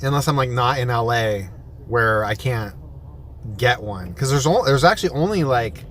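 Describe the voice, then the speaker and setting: A man's voice: mid-range voice, lively intonation, moderate pace. Everyday male rideshare vlogger, rambling storyteller, noisy phone recording with car sounds. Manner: rambling storytelling with many restarts. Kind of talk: casual chat. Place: in a car and at a sandwich shop.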